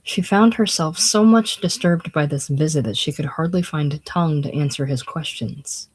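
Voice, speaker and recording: A casual reader narrating a classic novel aloud in a plain, unhurried way, dropping lower and quieter on speech tags. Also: slightly rough, low-quality recording. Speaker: audiobook reader.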